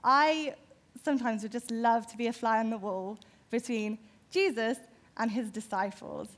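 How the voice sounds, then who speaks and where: A woman's voice: a little high, normal speed, fairly bright tone. A woman giving a sermon, retelling a Bible story vividly and imaginatively. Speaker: preacher.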